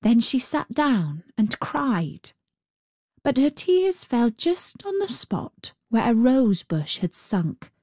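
Woman reading a fairy tale, slow and lively, dry close sound. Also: a little high, dry recording. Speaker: storyteller.

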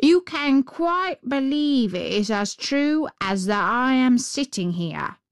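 A woman doing a slow, knowing storybook crow. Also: sits high, lively intonation, clear, resonant tone, no room sound, studio quality, voice pushed up, heavily acted. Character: thoughtful gossipy male crow.

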